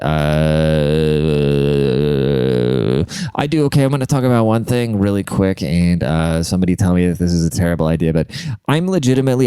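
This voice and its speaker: A man's voice: low-pitched, mellow, smooth, no echo. A man hosting his own podcast alone, a comedian rambling in a profane, jokey way. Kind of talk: solo podcast monologue.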